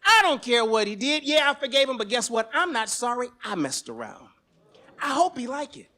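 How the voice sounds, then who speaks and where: A woman's voice: a little high, big pitch swings, moderate pace, bright, forceful tone. A man voicing his defiant, unapologetic wife in a brash, taunting tone during live storytelling.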